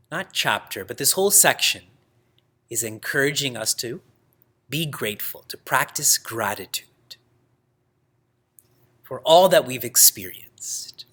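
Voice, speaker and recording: A man teaching a scripture class, telling stories in a lively way, laughing often and using Sanskrit terms. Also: medium pitch, slow, long pauses. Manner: lively storytelling with frequent laughs. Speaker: spiritual teacher.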